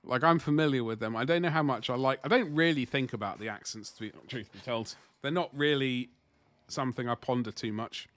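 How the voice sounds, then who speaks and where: A man's voice: mid-range voice, fairly quick, a bit bright, no room sound. A man chatting casually on a live stream as he paints miniatures, thinking aloud and rambling with self-deprecating asides.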